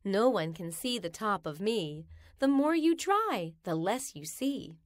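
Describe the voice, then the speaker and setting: A woman reading children's rhymes aloud in a slow, sing-song storybook manner. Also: medium pitch, big pitch swings, dry recording, studio quality.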